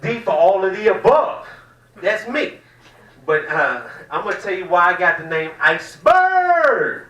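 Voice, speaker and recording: A man from the South works a small comedy room with a loud, profane, rambling set. His voice sits high and leaps wildly up and down, with a bright, sharp edge. The sound is roomy and echoey, and he comes across at a slight distance from the microphone. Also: big pitch swings, a little slow. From American South. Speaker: stand-up comedian.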